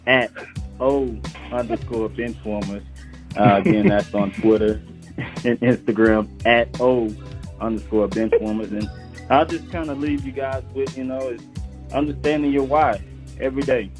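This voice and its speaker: A man's voice: medium pitch, fairly even intonation, a little slow, darkish tone, faint music behind. A male guest panelist speaking in a casual, loose way with plenty of fillers.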